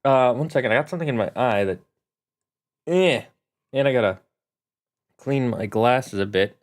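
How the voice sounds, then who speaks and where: A man who hosts a live stream as a game master, chatting in an animated, rambling way. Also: mid-range voice, moderate pace. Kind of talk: casual live-stream chat.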